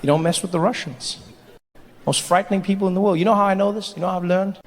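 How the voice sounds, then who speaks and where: Male stand-up comedian, high voice, animated, playful, long hall reverb. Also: fast. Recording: hall reverb, faint noise.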